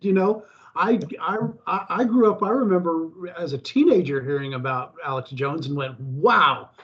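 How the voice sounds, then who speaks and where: An American man chatting casually, rambling with halting restarts. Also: fairly high pitch. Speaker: co-host. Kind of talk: casual chat. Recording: dull lo-fi audio.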